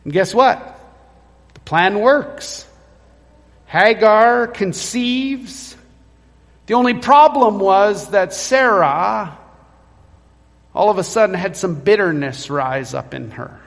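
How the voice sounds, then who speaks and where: A man's voice: high voice, expressive, takes it slowly, gravelly, long pauses, a bit bright. A male pastor preaching a sermon in a church, telling the story and acting out the quoted lines. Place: church sanctuary. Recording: long church reverb.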